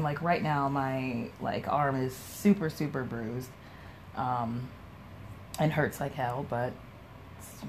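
Recording at home with a drink in hand, a podcast host, a young woman with a low voice, tells a long, rambling personal story in a casual style. She curses freely and imitates the people involved, over a faint background hiss.

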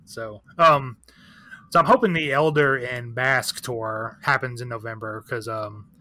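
Man guest, bright tense tone, candid loose chatter with lots of fillers. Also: mid-range voice, a little slow. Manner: candid, profane, rambling with many fillers. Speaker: guest, record shop owner. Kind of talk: casual chat.

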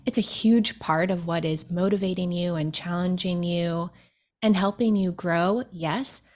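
A young adult woman speaking as a guest in an interview, earnest and reflective, with soft laughs and filler words. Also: lowish voice, measured pace. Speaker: podcast guest. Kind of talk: heartfelt interview conversation.

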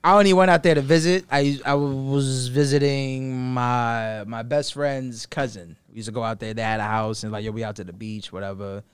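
A man's voice: mid-range voice, fairly even intonation, moderate pace, few pauses. A man with a New York accent, co-hosting a podcast in loose, profane casual chat. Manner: loose, profane, rambling with restarts. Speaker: podcast co-host.

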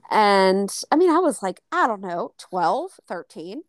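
Dry, close-sounding woman telling a lively story. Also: mid-range voice, unhurried, no room sound. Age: adult. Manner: animated, acts out quoted dialogue, swears freely. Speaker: podcast co-host. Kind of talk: casual storytelling chat.

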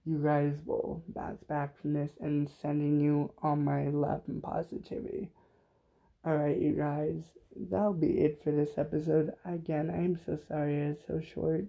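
Slow, gravelly man close to tears. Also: on the high side, level tone, dark tone. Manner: halting, many fillers, emotional and apologetic. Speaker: podcast host. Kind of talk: unplanned solo podcast talk.

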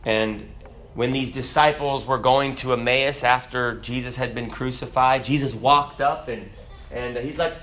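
A man's voice: medium pitch, fairly even intonation, unhurried, a bit bright. A man preaching a sermon, asking the congregation rhetorical questions and reading scripture aloud.

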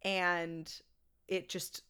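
Podcast co-host, woman, bright voice, ranting and swearing casually. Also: lowish voice, level tone, very slow, smooth. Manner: ranting storyteller, swears freely. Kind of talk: casual chat.

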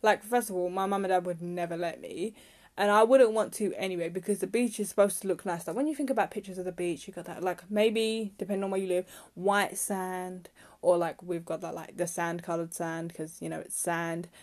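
A woman's voice: fairly low pitch, fairly even intonation, fairly quick, a little mellow. A young woman hosting a casual solo podcast, rambling and chatty and turning heated when she rants. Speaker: podcast host.

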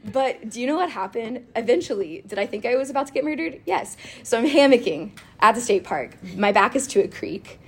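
Husky woman telling a faith story. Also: fairly high pitch, a little fast, few pauses. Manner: animated and giggly, with frequent laughter and filler "like". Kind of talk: casual faith chat, personal storytelling.

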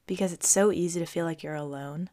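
A woman's voice: fairly low pitch, quick pace, mellow. Earnest young woman, often near a whisper. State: a little stuffy. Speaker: podcast host. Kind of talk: reflective faith-based podcast monologue.

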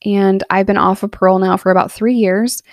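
A woman's voice: mid-range voice, steady tone, a little fast, no echo, studio quality. A woman in her thirties telling her personal story in a candid, earnest monologue, emotional in places. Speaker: podcast storyteller.

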